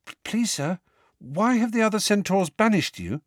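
A man's voice: expressive, no room sound, studio quality. A man voicing an eager, earnest teenage schoolgirl in an audiobook. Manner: eager, quick and high. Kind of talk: audiobook character voice.

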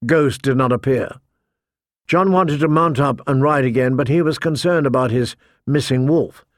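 A man narrating a fantasy audiobook in a measured, deliberate storytelling manner on a close studio mic. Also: medium pitch, no echo.

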